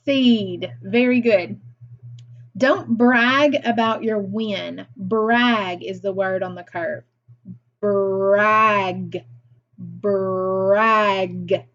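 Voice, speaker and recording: A woman teaching a phonics lesson to young children, deliberate and encouraging, with frequent praise. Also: medium pitch, dull audio.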